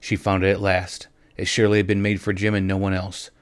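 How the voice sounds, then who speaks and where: Man reading a story out loud, gentle, kinda low voice, dry close sound. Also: completely flat delivery, a little fast, smooth, dry recording. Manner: gentle, addresses listeners directly. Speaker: reader. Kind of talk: storytelling narration.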